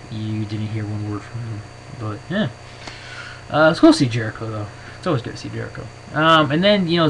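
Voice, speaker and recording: A man giving his opinions in a casual vlog to his camera. He rambles excitably and fills his talk with "you know". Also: medium pitch, slight background noise, rough recording. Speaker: wrestling vlogger. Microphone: built-in camera mic.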